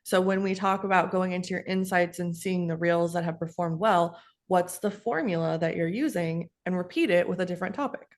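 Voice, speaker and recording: A woman's voice: lowish voice, fairly quick, hardly any pauses. A woman explaining her method in a matter-of-fact, fluent way. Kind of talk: casual explanation.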